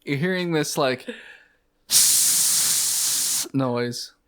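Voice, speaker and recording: A man's voice: medium pitch, extremely slow, clear, resonant tone. A man running a tabletop game as game master, narrating in a laid-back way and often laughing.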